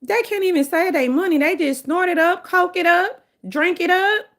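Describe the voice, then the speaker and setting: Brash woman host with a New Orleans accent and a high voice, swearing freely as she tells stories. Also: normal speed. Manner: brash, profane, animated storytelling. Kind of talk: casual storytelling monologue.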